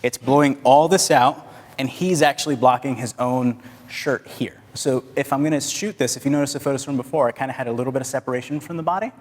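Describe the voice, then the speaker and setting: At a live workshop, a photography instructor talks fast in a mid-range voice, chatting with the audience and directing his assistants as he shoots. The audio carries hall reverb and faint noise.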